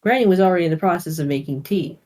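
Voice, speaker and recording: A reader narrating a fantasy story aloud in a steady, plain manner. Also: medium pitch, racing.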